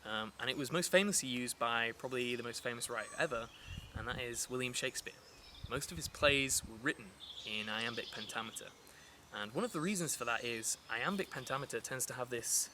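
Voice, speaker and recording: A man's voice: medium pitch, a little fast, background noise. A man teaching a casual lesson on poetry, explaining in a chatty way with fillers and restarts. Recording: outdoor recording with clear nature sounds behind. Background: birds and rural ambience.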